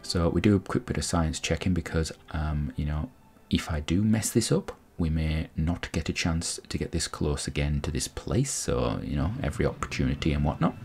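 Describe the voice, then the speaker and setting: Commenting on a space game, this man has a creaky bass voice with a darkish tone and talks at normal speed with hardly any pauses. He rambles casually, explaining every step and frequently starting over.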